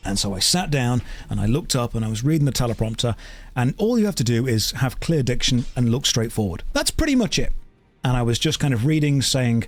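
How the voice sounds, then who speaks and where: A man streaming a game and chatting casually, wandering through anecdotes and tangents in an animated way. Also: medium pitch, a little fast. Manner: animated storytelling. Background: faint game music.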